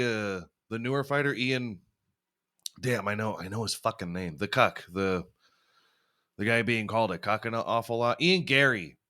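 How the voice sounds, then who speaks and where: A man's voice: medium pitch, a bit bright. A young man hosting a podcast, rambling and swearing freely, often laughing at himself. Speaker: podcast host. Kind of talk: casual chat.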